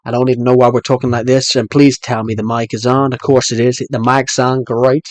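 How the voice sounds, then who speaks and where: A streamer putting on an exaggerated American accent, playful and hammy on a live game stream. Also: male voice, mid-range voice, flat delivery, a little fast, no echo, close to an everyday voice. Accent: put-on American. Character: man hamming up an American accent.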